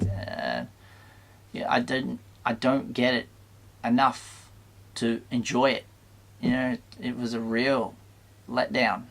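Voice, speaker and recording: A man with a middle-pitched voice and a noticeably gravelly edge talks straight to his viewers. His delivery is casual and halting, full of restarts and mild exasperation. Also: fairly even intonation. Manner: hesitant, halting, with many restarts; mildly exasperated, conflicted. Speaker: toy channel host reviewing a film. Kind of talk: casual spoken review to camera.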